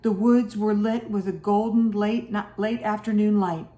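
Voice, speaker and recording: A woman teacher reading a children's chapter book aloud to her students in an expressive way. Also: medium pitch, normal speed. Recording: echoey room.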